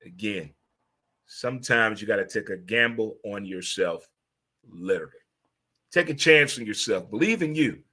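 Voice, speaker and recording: A man from St. Louis hosting a casual monologue, animated and preachy, swearing freely as he gives pep talks. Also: lowish voice, moderate pace. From St. Louis, USA. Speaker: host.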